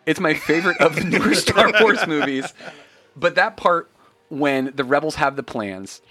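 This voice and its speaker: Male podcast co-host, lively storyteller, bright tone, slightly high voice. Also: normal speed. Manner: animated, laughing storyteller, acts out quotes. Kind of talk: casual chat.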